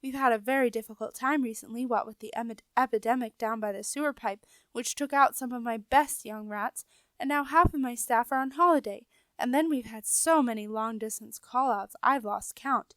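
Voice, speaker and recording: A woman's voice: fairly high pitch, normal speed, fairly bright tone, no echo, lightly acted. A woman voicing an elderly, portly male rat who runs a message office, flustered and apologetic with a stammer. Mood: fussy.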